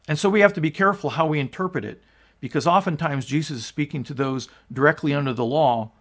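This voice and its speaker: A pastor with a medium-pitched, fairly bright voice gives an earnest, emphatic sermon. He reads scripture and teaches, restarting often and using plenty of fillers.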